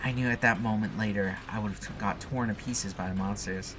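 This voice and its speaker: Guy reading a text game out loud, chatty asides, lowish voice, faint noise behind. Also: steady tone, brisk. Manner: reads narration aloud with casual asides. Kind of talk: let's play reading and commentary.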